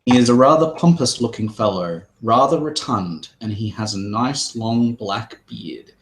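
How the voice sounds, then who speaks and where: A man's voice: mid-range voice, low-quality recording. A man running a tabletop game as game master, describing scenes loosely with many fillers.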